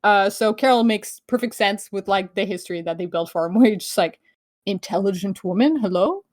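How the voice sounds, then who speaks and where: A woman co-hosting a casual podcast chat, talking in a lively, quick way, laughing and swearing casually. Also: medium pitch, no room sound, clean studio sound. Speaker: podcast co-host.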